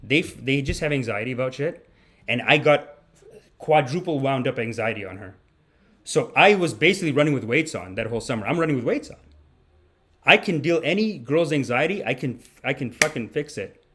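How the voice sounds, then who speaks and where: A man's voice: mid-range voice, lively intonation, fairly quick, a bit bright, slightly rough. A man hosting a comedic livestream, rambling in a mock-preachy, profane manner. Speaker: podcast host.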